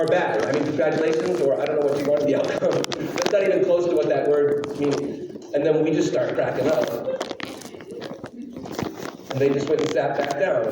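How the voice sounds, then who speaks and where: A man performs a monologue from a distance in a large hall full of echo, with steady noise behind him. He acts out the other people in his story with sudden jumps in pitch. At other times he grows quiet and halting. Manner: turns from joking to quiet and halting. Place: large school hall or auditorium. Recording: echoey hall recorded from far off.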